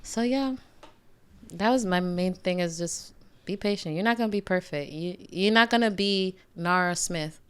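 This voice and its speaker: A young woman, a mother, giving casual advice in a reflective, lively way. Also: fairly low pitch, normal speed, clear, resonant tone. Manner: reflective, animated when acting out inner voices. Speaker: guest mother.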